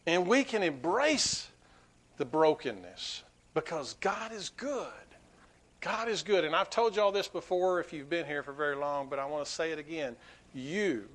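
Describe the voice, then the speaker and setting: A pastor with a fairly high-pitched voice preaches a sermon to his congregation, swinging between quiet asides and loud, emphatic peaks.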